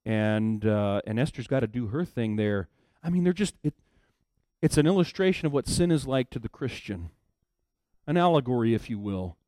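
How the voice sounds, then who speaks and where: Animated preacher with a dry close sound. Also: male voice, dry recording. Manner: casual storytelling, acts out characters in quick asides; swings between low murmurs and loud emphatic bursts. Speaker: pastor. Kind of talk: sermon.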